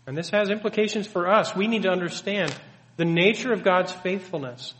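Here the pastor's voice is high and a bit bright, moving slightly fast as he teaches with emphasis and keeps posing rhetorical questions. A long hall reverb trails behind everything he says.

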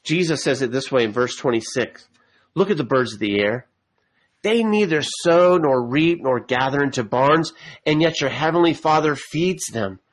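A man's voice: medium pitch, animated, moderate pace, poor audio. Male preacher, earnest sermon delivery that climbs into emphatic appeals. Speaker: pastor.

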